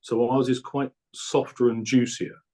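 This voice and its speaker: A male guest, a food producer, talking with enthusiasm in casual chat and clearing his throat often. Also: mid-range voice, flat delivery, unhurried, darkish tone.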